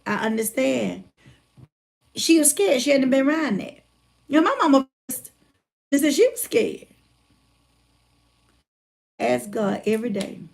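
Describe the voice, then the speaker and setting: A motivational speaker telling a personal story in a casual, folksy way, retelling conversations and calling listeners by name, still getting over a chest cold. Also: female voice, on the high side, gravelly. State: recovering from chest cold, congested breathing. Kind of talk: casual testimony talk.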